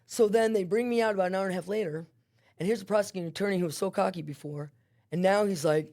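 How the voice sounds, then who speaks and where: A woman's voice: mid-range voice, fast talker, darkish tone. A woman guest animatedly telling a personal testimony, acting out scenes with voices and sound effects.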